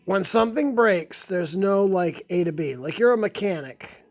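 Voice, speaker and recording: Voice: mid-range voice, animated, normal speed, faint music behind. A small-town vlogger telling a casual, rambling, profane story and grumbling about work.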